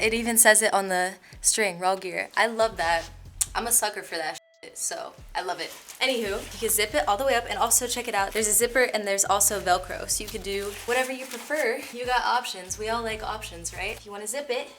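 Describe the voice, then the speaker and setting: A woman's voice: medium pitch, slight background noise. Gushing young woman in a haul vlog. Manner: gushing, excitable, slangy, keeps saying "bro". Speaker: fitness YouTuber. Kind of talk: casual clothing haul vlog.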